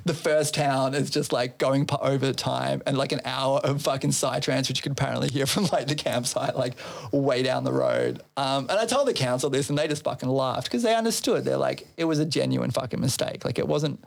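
A man's voice: medium pitch, brisk, vocal fry, few pauses. A man who organizes a festival, telling a long story in casual chat, swearing freely and laughing between phrases.

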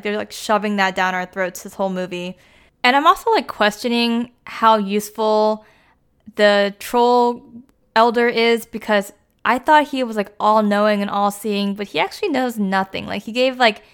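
A woman's voice: mid-range voice, a bit bright, clean tone. Chatty young woman recapping a movie. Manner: chatty, filler-heavy, acts out quotes. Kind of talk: casual film recap.

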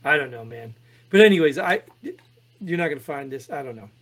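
A man co-hosting a podcast, talking through political headlines in an animated, exasperated way with many restarts. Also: fairly high pitch, fairly quick. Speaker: podcast co-host reading headlines. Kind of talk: casual political chat.

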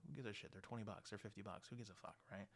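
A man telling a story casually, blunt and animated, swearing freely. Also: lowish voice, rapid-fire, slightly rough.

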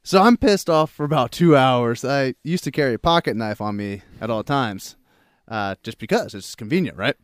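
A man's voice: mid-range voice, expressive, normal speed, no echo, studio quality. Laughing young man telling a wild story. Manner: laughs often, swears, acts out quotes. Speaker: podcast co-host telling a story. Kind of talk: casual storytelling.

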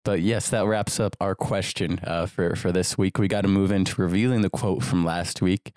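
A man's voice: low voice, moderate pace, no room sound, studio quality. A man hosting a casual podcast, steadily moving it from segment to segment with small fillers. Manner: steady, moves the show along with fillers. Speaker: podcast host. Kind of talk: casual chat, leading segments.

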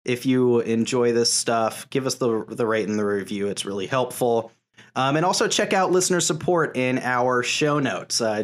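A man hosting a casual podcast, chatting loosely with friends and laughing often, then reading out the show's sign-off. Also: medium pitch. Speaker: podcast host.

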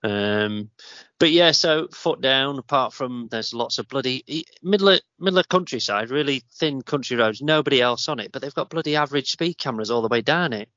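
This Northern English man hosts a podcast and tells a story in a rambling, chatty way. His voice is bright and forward, with a dry sound that has no room echo. The recording sounds dull and a bit lo-fi. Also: mid-range voice, lively intonation, brisk. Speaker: podcast host. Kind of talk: casual chat.

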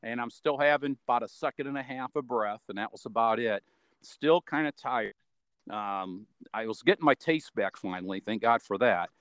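A man's voice: mid-range voice, moderate pace, fairly bright tone, smooth, dry recording. A man talking in a loose, rambling way as an interview guest, with many fillers along the way. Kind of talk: casual spoken account.

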